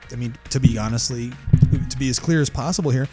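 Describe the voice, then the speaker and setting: A man's voice: mid-range voice, fast talker, loud music behind the voice. Blunt, foul-mouthed male film podcast host. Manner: swears freely, blunt, says "I mean" a lot. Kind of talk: casual chat about films.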